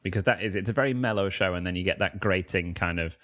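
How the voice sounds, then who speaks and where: A man's voice: low voice, quick pace, a bit bright. A man with a Mancunian accent, a comedian guest telling wry, rambling anecdotes in casual chat. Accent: Mancunian English. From Manchester, England. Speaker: guest, comedian and freestyle rapper.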